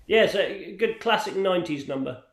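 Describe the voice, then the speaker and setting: High-voiced man, hesitant and laughing. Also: expressive, fairly quick. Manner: hesitant, laughing, restarts a lot. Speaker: open-mic musician. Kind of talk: casual chat on a video call. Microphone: video call. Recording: echoey room.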